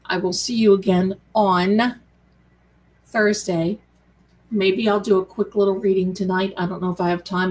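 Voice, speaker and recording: A woman's voice: mid-range voice, low-quality recording. A woman hosting a tarot live stream, chatting casually and affectionately with viewers she calls her darlings. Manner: chatty and rambling, reads out viewer comments.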